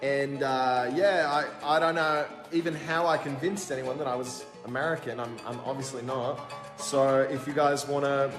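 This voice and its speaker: A mock-confessional Australian voice, a man faking the accent, halting and full of restarts. It sits in a roomy, echoing space with music running underneath. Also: medium pitch, steady tone, close to an everyday voice. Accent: put-on Australian. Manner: halting, many fillers and restarts. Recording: roomy reverberant clip with music.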